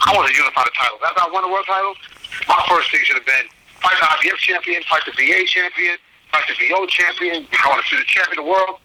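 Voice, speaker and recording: A middle-aged man, a former boxer, talking as an interview guest in a casual, animated storytelling way with many restarts. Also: sits high, fast talker, a little hiss or hum, poor audio.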